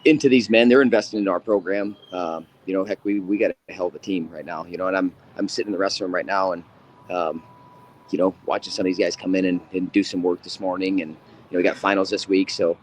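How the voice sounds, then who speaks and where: A man's voice: sits low, steady tone, quick pace, slight background noise. A man who coaches college wrestling, answering interview questions in a laid-back, joking way. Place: room at a wrestling facility.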